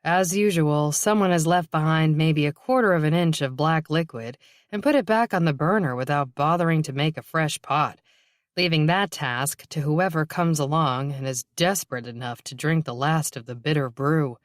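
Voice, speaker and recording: A woman narrating a novel in a steady, even reading voice. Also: sits low, normal speed, no echo, studio quality. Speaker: audiobook narrator. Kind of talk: scripted narration.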